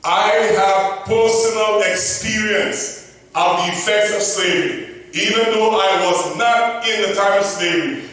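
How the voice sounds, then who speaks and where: A middle-aged man with a Vincentian accent, a pastor telling stories from his youth in an unhurried sermon. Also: high-pitched, a bit bright. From Saint Vincent. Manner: storytelling, unhurried, with fillers. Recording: echoey room from far off.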